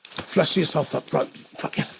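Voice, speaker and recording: A middle-aged man, telling a story as a guest in a casual interview, swearing freely and acting out the voices of the people he quotes. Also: unhurried. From Wales. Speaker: guest musician.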